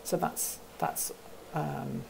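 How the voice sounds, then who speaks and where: Low gravelly woman chatting on a stream. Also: steady tone, very slow, background noise. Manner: rambling, thinks aloud, answers chat questions. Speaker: host of a livestream hangout. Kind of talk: casual live-stream chat. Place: office.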